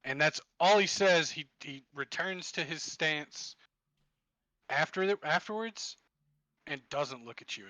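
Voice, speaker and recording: A man narrating as game master for a tabletop game, describing scenes haltingly with many fillers. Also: fairly high pitch, animated, bright, forceful tone, no echo, poor audio.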